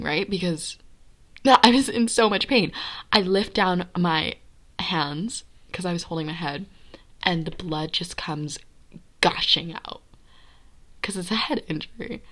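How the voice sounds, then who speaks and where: Chatty young woman with a lowish voice. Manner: animated, filler-heavy with frequent "like" and "right?". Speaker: podcast guest telling a personal story. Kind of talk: casual storytelling.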